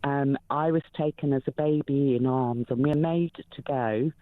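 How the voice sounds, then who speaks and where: A woman in her fifties calling in to a talk show, speaking emotionally and haltingly with many fillers. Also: very deep voice, dry recording. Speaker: caller. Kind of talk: phone-in call. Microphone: telephone. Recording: tinny phone line.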